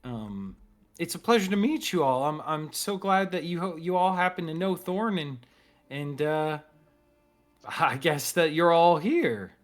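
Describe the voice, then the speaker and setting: A sweet, gushing young cactus woman in a tabletop game, her voice lifted far up, as a man puts her on. She tumbles over her words in excitement, with faint music underneath. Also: a little high, measured pace, pitched above the performer's own voice.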